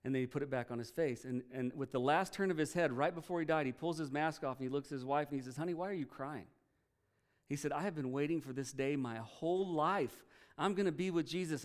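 A man preaching a sermon as pastor, emphatic and rising to loud peaks, then dropping soft for prayer. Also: on the high side, smooth. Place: church.

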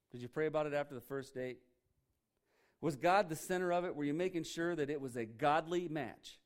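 A man preaching a sermon as pastor, talking conversationally and acting out quoted voices. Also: a little high.

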